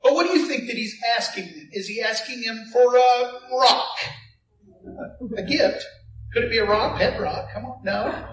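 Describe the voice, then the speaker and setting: A male pastor preaching in a fairly high voice, animated and playful, calling on the congregation to answer him. The sound is roomy and echoey, and he seems set back from the mic. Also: moderate pace, distant mic, a little hiss or hum. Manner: animated preaching with call-and-response and playful asides. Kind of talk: sermon.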